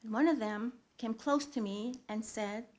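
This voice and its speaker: Woman telling a personal story on stage. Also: fairly high pitch. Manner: earnest, pauses, loud swells. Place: theatre stage.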